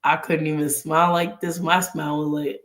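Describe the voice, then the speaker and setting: A woman's voice: sits low, little pitch movement, fairly quick, reverberant. A woman hosting a casual vlog, sharing faith and personal stories in an earnest way and acting out bits of inner dialogue. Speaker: vlog host.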